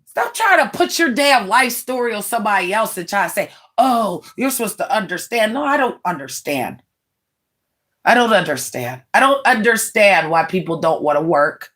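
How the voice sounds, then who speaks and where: A woman's voice: mid-range voice, sing-song, normal speed, a bit bright. A woman in her late forties ranting bluntly on a livestream, scornful and mocking, with laughing asides. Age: 40s. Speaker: livestream host. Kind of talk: livestream rant.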